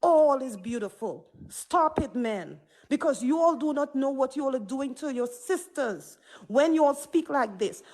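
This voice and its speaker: Woman, high voice, emphatic, preachy livestream panelist, phone mic. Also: big pitch swings, normal speed, darkish tone. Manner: emphatic, repeats "stop it" and "okay?". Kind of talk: impassioned livestream panel talk.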